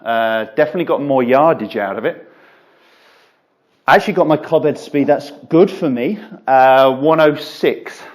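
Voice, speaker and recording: A man who is a golf coach, explaining and demonstrating a drill in a relaxed, chatty way with frequent fillers, in an indoor golf studio. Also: medium pitch, moderate pace. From England. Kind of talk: instructional video lesson.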